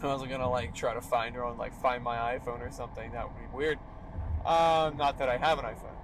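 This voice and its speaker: A man's voice: mid-range voice, fairly even intonation, brisk, background noise. A young man hosting a solo podcast, talking emphatically and tagging "all right" onto his points. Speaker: podcast host.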